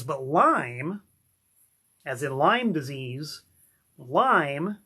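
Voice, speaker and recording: A middle-aged man who runs a record label, showing off records he found with excited exclamations and sung snippets. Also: a little high, husky. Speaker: record label owner and vlogger. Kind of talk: enthusiastic record collection show-and-tell.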